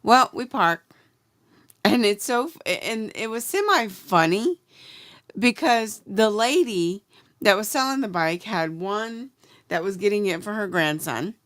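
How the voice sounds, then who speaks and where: An American woman co-hosting a podcast, telling a story in a chatty, animated way. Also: medium pitch, measured pace, no echo, studio quality. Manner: chatty, animated retelling with acted-out quotes. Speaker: podcast co-host. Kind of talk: casual storytelling chat.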